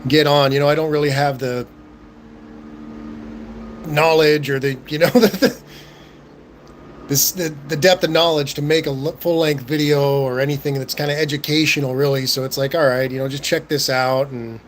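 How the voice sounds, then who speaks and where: A young man with a relaxed Southern Californian accent chats casually on a livestream. He answers his viewers in a laid-back way, stumbling over his words and chuckling often. His voice sits a touch high for a man, with a faint hiss of noise behind it. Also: moderate pace. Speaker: livestream host.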